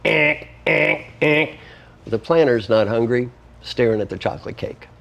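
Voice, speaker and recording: A man's voice: mid-range voice, normal speed, gravelly, a bit bright, muffled recording. A man speaking as an interview guest, explaining ideas in an emphatic, teacherly way and working through numbered points. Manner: emphatic, list-driven, teacherly. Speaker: guest author and coach. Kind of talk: conversational interview.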